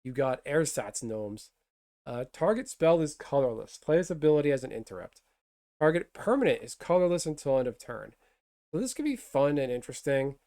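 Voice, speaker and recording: A man's voice: medium pitch, sing-song, a little fast, mellow. A man casually reviewing trading cards for a video, enthusiastic and rambling, with lots of fillers and restarts. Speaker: card game video host. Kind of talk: casual card review talk.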